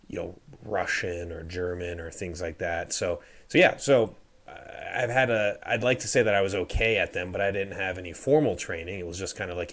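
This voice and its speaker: Deep-voiced young man, hesitant. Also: fairly bright tone. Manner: hesitant, many fillers. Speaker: podcast co-host. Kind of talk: casual podcast chat.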